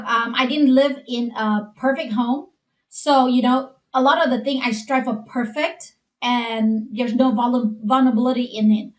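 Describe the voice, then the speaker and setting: Woman, Chinese accent, high voice, earnest advice-giver with lots of fillers, echoey room. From Asia. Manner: earnest, heavy use of "you know" fillers. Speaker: co-host. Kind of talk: advice talk for couples.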